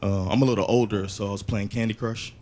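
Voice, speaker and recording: A man doing loose, animated stand-up comedy on a club stage into a handheld mic. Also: on the low side, quick pace. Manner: loose, animated, acts out scenes. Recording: live club, audience laughter.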